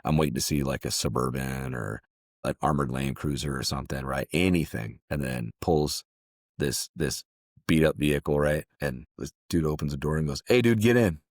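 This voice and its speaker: A man's voice: very deep voice, steady tone, normal speed, no room sound, clean studio sound. A man from Southern California, a former security contractor, telling stories as a guest in a casual interview, loose and conversational with frequent restarts.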